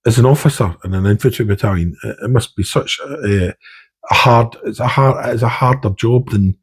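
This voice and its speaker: A man's voice: medium pitch, normal speed, husky. A middle-aged Scottish man, an army veteran, talking candidly and rambling with many restarts. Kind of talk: candid podcast conversation.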